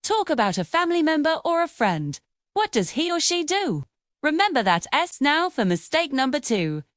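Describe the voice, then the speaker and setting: A woman narrating a scripted English lesson, explaining grammar clearly and patiently with sing-song emphasis. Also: high-pitched, very animated, normal speed, a bit bright, no room sound, clean studio sound. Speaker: English teacher.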